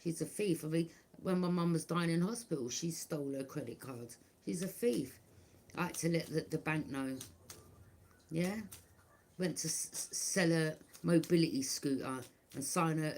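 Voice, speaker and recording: Blunt lower-voiced woman. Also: a little mellow, a little hiss or hum. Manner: blunt, repetitive, keeps asking "do you understand". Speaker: tarot reader. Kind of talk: casual monologue to viewers.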